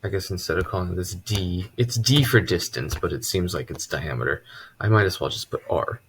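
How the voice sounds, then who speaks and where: A man teaching a casual math lesson at a board, relaxed and chatty, with joking asides. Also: sits low, normal speed, husky. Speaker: math tutor.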